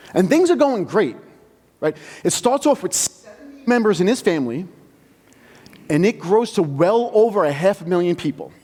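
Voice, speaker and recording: A man preaching in a church sanctuary, high-pitched and very lively in his rises and falls. He tells the story at an unhurried pace in a conversational manner. A long hall reverb hangs on his voice. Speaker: pastor. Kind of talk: sermon.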